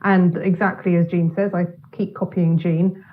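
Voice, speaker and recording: A woman's voice: on the low side, little pitch movement, moderate pace. A woman author, chatting casually with lots of ums and restarts on a video call. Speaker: guest author. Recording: tinny phone-like line.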